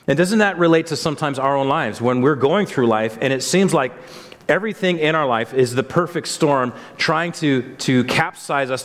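The recording has a big-room sound as a male pastor with a mid-range voice preaches at a church service. He talks informally and puts questions to those gathered.

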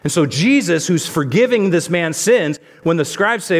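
Male pastor, mid-high voice, conversational sermon delivery, long reverb from a large sanctuary. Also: animated, normal speed. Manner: conversational preaching with rhetorical questions.

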